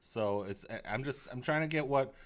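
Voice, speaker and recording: A man's voice: mid-range voice, moderate pace. A man co-hosting a podcast, trading casual comedic banter with dry, skeptical questions. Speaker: podcast co-host.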